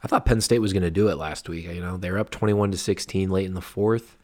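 Low-voiced man in casual sports chat. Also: fairly even intonation, quick pace, darkish tone. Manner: laid-back, hedging with many fillers. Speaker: podcast co-host.

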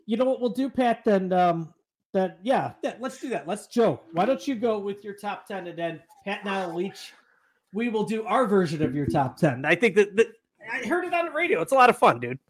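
A man co-hosting a podcast in casual, animated chat, swearing now and then. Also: sits high, a little fast. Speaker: podcast co-host.

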